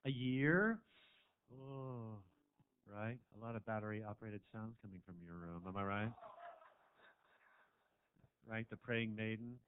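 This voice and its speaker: A man's voice: fairly low pitch, unhurried, pauses often, clear, resonant tone. A man from Marin doing a crude, camp stand-up set in a small club, rambling through a story with asides to the crowd. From Marin County, California. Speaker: stand-up comedian. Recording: tinny, phone-like live club recording.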